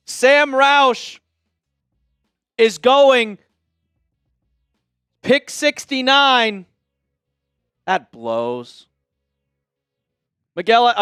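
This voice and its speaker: Male livestream host, smooth high voice in a dry room, jokey chat with viewers. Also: bright, forceful tone, dry recording. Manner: jokey, chatty, addresses viewers by name.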